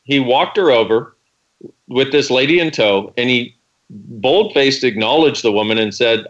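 A man's voice: medium pitch, lively intonation, unhurried, fairly bright tone, dull audio. Storytelling man, co-host of a call-in show. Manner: storytelling, acts out quotes.

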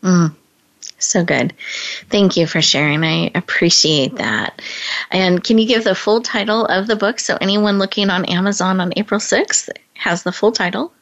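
A woman hosting a podcast, telling a personal story in a chatty way, laughing often and slowing down for emphasis. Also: mid-range voice, fairly bright tone, muffled recording. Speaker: podcast host.

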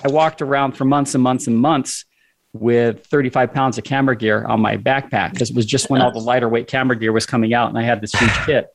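A man's voice: medium pitch, fairly even intonation, a little fast, a little hiss or hum. A man telling a personal story as a guest in a casual conversation, acting out his own lines of dialogue along the way.

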